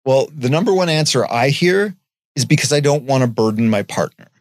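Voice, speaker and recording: A man talking earnestly in a casual podcast conversation, getting animated and swearing now and then. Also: medium pitch, fairly quick, dry recording, studio quality.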